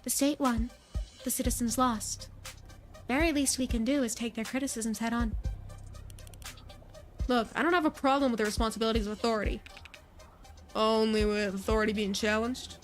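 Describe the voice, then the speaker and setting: A woman's voice: a little high, fairly even intonation, moderate pace, long pauses, soft background music. A woman streamer reading a visual novel's dialogue aloud, voicing every character in a near-plain voice and adding brief asides.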